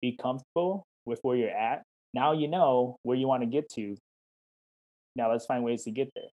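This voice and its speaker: A man's voice: medium pitch, normal speed, muffled recording. A man, a certified life coach, answering interview questions in an encouraging, casual way over a video call, often acting out little quoted exchanges. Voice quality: warm, encouraging, talks in questions and quoted dialogue.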